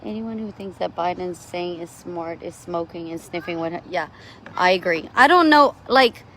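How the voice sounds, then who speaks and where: A woman's voice: lowish voice, moderate pace, bright, forceful tone, slight background noise. A woman co-hosting an outdoor live stream, chatting casually and leaning on fillers like "like" and "um". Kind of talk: casual livestream chat.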